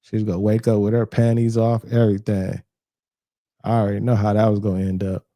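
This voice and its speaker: A male reaction host comments in loose, profane slang and shouts out his viewers by name. His voice is dark and gravelly. The sound is dry, with no room around it. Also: on the low side, little pitch movement, a little fast, no room sound.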